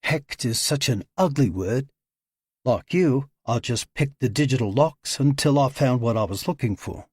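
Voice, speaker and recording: Man playing a sharp-tongued young woman hacker. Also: medium pitch, expressive, slightly rough, no room sound, clean studio sound. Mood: wry. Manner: defiant, quick comebacks.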